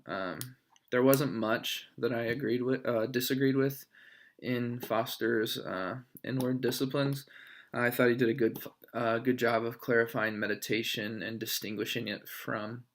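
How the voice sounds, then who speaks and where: A young man, a student, recording a discussion post in a thoughtful, halting way with many fillers. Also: mid-range voice, fairly even intonation.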